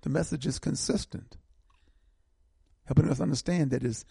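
An older man hosts a call-in radio show, his voice gravelly and husky. His tone is dark and mellow, and he builds his points through preacherly repetition. The sound is dry and close. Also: a little high, normal speed, long pauses, no room sound. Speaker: radio talk show host.

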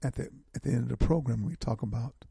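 Gravelly older radio host. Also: male voice, mid-range voice, quick pace, warm tone, no room sound. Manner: preacherly, building to emphatic repetition. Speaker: radio talk show host. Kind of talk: call-in radio talk.

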